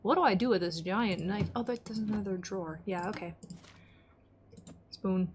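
A woman's voice: medium pitch, normal speed, a little hiss or hum. A woman streaming a game, chatting casually to herself and her viewers and getting exasperated now and then. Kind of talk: casual let's-play chat.

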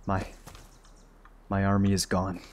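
A man hosting a gaming video, yelling and trash-talking in excited voice chat. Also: deep voice, unhurried, slight background noise. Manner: loud, shouting, bossy trash talk.

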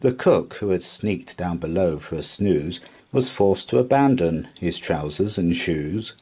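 A man reading a rhyming children's picture book aloud in an expressive storytelling voice. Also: low-pitched, slightly rough. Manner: slow, expressive rhyming delivery. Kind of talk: children's read-aloud narration.

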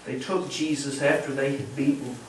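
A man preaching a storytelling sermon in church, animated, acting out the voices of the people in the story. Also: mid-range voice, moderate pace, recorded from a distance, slight background noise. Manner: animated, acts out quoted voices. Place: church sanctuary. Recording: echoey church recording from afar.

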